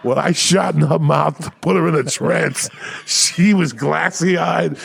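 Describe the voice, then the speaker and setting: A man, a comedian on a podcast, telling profane stories in a loud, crude, rowdy way with a gravelly voice. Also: on the high side, steady tone, unhurried. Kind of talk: profane storytelling.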